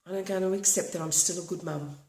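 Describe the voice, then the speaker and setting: A woman's voice: lowish voice, fairly even intonation, a little fast, warm tone. A woman from Australia leading a guided tapping session, talking earnestly and repeating affirmations. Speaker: tapping practitioner. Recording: echoey room.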